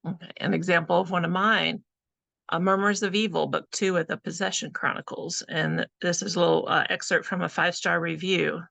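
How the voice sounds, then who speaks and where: A woman's voice: fairly low pitch, fairly even intonation, brisk, vocal fry, pushed and bright, no echo. A woman from California, an author giving a chatty, casual presentation full of fillers. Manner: chatty, conversational, with frequent fillers.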